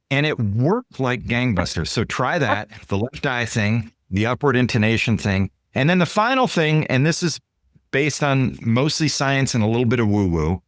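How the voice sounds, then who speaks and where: A man, a guest author and consultant, explaining ideas in an interview with lively stories. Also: mid-range voice, normal speed, dry recording, clean studio sound. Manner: animated, acts out dialogue in quoted voices. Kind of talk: storytelling interview answers.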